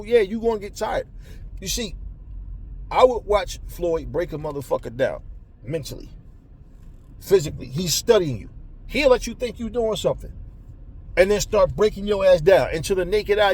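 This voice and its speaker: Heated high-voiced man ranting profanely. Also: lively intonation, normal speed, darkish tone, slightly rough. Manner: profane, heated and repetitive, stumbles over words. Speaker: boxing commentator. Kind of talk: ranting monologue to viewers.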